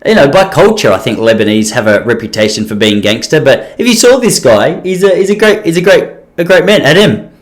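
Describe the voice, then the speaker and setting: A man's voice: fairly high pitch, very animated, a little fast. A man hosting a solo podcast, rambling and self-deprecating, with many restarts. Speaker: podcast host.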